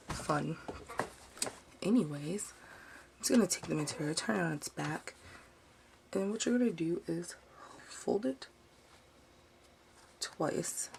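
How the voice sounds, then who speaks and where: A woman's voice: fairly low pitch, normal speed, vocal fry, long pauses, a little mellow, a little hiss or hum. A young woman with a Baltimore accent and a Southern drawl, chatting through a craft tutorial at home and getting sidetracked. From United States. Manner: chatty, easily sidetracked, uses "y'all". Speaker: DIY vlogger.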